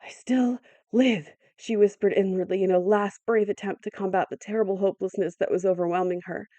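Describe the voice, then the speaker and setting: A woman narrating an adventure novel as an audiobook, measured and dramatic in her delivery. Her voice sits at a middle pitch, recorded close and dry with no room around it. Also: level tone, warm tone, no echo. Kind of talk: audiobook reading.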